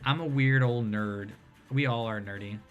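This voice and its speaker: A man hosting a casual livestream chat, rambling and animated as he tells stories. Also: medium pitch, moderate pace, dull audio, faint music behind. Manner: rambling, animated storyteller who mimics voices.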